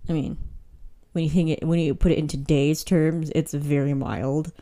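A woman's voice: sits low, normal speed. A young woman co-hosting a podcast, chatting casually and telling stories with laughs and acted-out voices. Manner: animated storyteller, laughs often, acts out voices. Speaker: podcast co-host. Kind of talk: casual chat.

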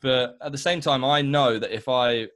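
A man's voice: mid-range voice, fairly even intonation, normal speed, fairly bright tone, dry recording. A young man, a podcast guest, chatting casually with lots of likes and you-knows. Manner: chatty, says like and you know a lot. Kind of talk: casual chat.

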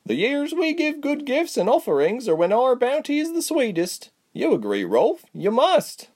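An excitable, motherly innkeeper's wife, as a male narrator puts her on, stressing every word with feeling. The voice is pitched very high, pushed loud, and a little distant. It comes from a storybook reading. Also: normal speed, full character voice. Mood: gushing. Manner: emphatic, gushing.

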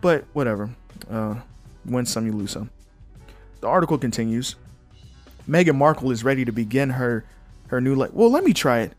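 A man's voice: mid-range voice, expressive, moderate pace, pauses often, darkish tone, soft background music. A young man hosting a podcast alone, talking casually and bluntly, reading news articles aloud and breaking in with his own opinions. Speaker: podcast host. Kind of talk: casual solo commentary.

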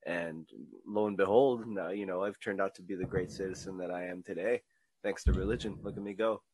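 A man hosting a podcast in casual chat, swearing freely and telling animated stories. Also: low voice, fairly quick, slight background noise. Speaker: podcast host.

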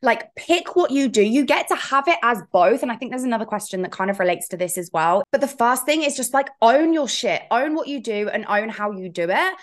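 A woman's voice: a little high, lively intonation, brisk, few pauses. A woman hosts a solo podcast for coaches, her voice sitting a little above the usual for a woman. She talks candidly and casually, wanders off on tangents and throws in playful swearing. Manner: frank, chatty and digressive, with playful swearing. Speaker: fitness coach and podcast host.

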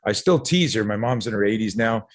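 Man in his sixties, from Canada, slightly low voice, lively storytelling, repeats words, acts out quotes. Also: fairly quick. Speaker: podcast guest. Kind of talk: animated storytelling.

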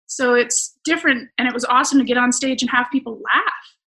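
Bright, high-voiced woman comedian. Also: a little fast, poor audio. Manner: animated, laughing storyteller. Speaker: stand-up comedian guest. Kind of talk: casual storytelling interview.

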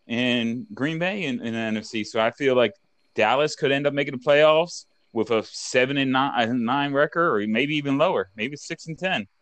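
A man's voice: mid-range voice, a bit bright, no echo. Man, mid-range voice, laid-back, casual swearing, sports chat, dry close sound. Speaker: podcast co-host.

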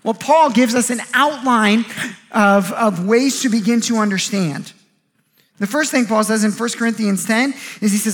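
Male pastor, strikingly high voice, laid-back conversational preaching that slips into quoted voices. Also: normal speed, fairly bright tone. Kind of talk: sermon.

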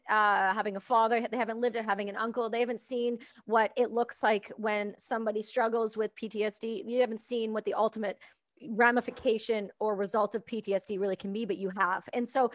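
A woman's voice: medium pitch, no echo. Give me a woman podcast host, earnest and chatty, recorded dry and close. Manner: earnest, repeats words while gathering thoughts. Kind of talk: conversational interview.

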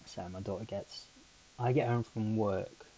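A man's voice: lowish voice, steady tone, measured pace, mellow, low-quality recording. A man hosting a podcast on his own, telling a rambling, chatty story full of asides. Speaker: podcast host. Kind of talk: casual solo podcast chat.

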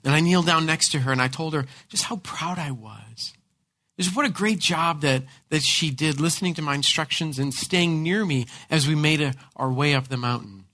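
Bright-voiced high-pitched preacher man. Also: normal speed, no echo. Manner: animated storytelling, frequent word repeats. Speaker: pastor. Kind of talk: sermon with personal storytelling.

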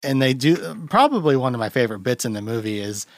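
A man's voice: mid-range voice, big pitch swings, quick pace, no echo, studio quality. A man hosting a podcast, recapping a film in loose, rambling casual chat and acting out quotes in a raised voice. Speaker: podcast host.

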